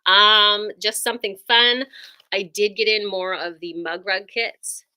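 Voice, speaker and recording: A woman's voice: medium pitch, a little slow, bright, forceful tone, clear, resonant tone. A woman who runs a quilt shop, chatting enthusiastically through a casual product demo with lots of ums and likes.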